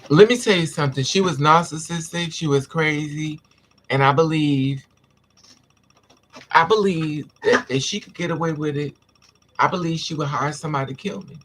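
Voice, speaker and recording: With a fairly high, somewhat bright voice at a moderate pace, a man vlogs about a painful personal experience. There's a little hiss or hum in the audio as he vents intensely and repeats himself to viewers.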